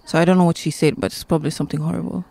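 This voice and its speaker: A woman's voice: low-pitched, fairly even intonation, racing, gravelly, dark tone. A woman recounting her experiences in a casual interview, talking loosely with many fillers. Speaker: interviewee, city resident.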